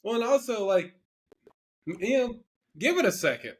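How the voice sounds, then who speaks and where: Husky-voiced podcast co-host man. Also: very high voice, expressive, normal speed. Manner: brief reactions and backchannel. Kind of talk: casual chat.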